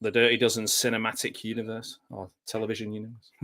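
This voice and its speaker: His pitch is fairly low and his delivery monotone, yet he talks fast with a slightly bright tone and no room sound. The man jokes his way through a film in chatty, wry live commentary, leaning on dry gags and frequent fillers.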